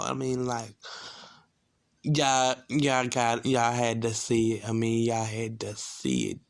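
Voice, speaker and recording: A young man telling a casual storytime, animated and talking straight to his viewers. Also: mid-range voice, slow pace, creaky. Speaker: vlogger.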